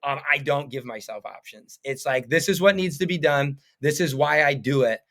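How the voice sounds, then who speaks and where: A man's voice: medium pitch, normal speed, fairly bright tone. Earnest rambling man, podcast guest. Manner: earnest, rambling, filler-heavy. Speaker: painting business owner, podcast guest. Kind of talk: casual interview chat.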